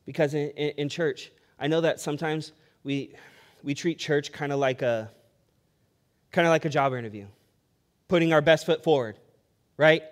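Conversational pastor telling a story. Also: male voice, on the high side, steady tone, moderate pace, long pauses. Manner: storytelling with rising emphasis, conversational. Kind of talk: sermon.

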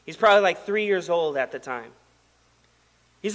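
A man preaching a sermon in a conversational, animated storytelling manner. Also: high voice, normal speed, long reverb tail. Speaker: pastor.

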